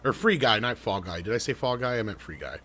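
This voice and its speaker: A man's voice: lowish voice, animated, quick pace, a crowd in the background. A man co-hosting a live online talk show, chatting casually, rambling with fillers, restarts and the odd swear. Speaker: podcast co-host. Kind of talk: casual live-stream chat.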